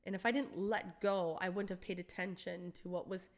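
With a lowish voice and moderate pace, this middle-aged woman tells an animated story in casual talk, imitating the people she quotes, laughing frequently, and swearing.

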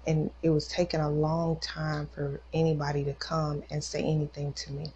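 A woman's voice: low-pitched, completely flat delivery, normal speed, hardly any pauses, darkish tone, dull audio, a little hiss or hum. A woman podcast host telling a personal faith testimony in a casual, emotional way, acting out the voices of the people in her story. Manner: emotional, acts out quoted voices.

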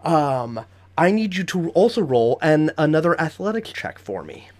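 A man's voice: on the high side, very animated, normal speed. A man running a tabletop game as game master, narrating the action vividly and chatting with frequent fillers.

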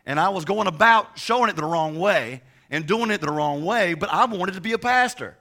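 A man's voice: high voice, lively intonation, moderate pace, bright, forceful tone. A young adult man, a pastor, preaching a sermon in a chatty storytelling way with many restarts.

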